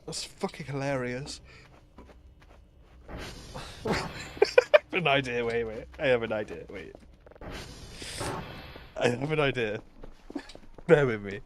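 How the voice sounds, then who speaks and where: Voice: mid-range voice, unhurried, pauses often, noisy background. A streamer commentating live while playing a game, laughing often, swearing and repeating "wait".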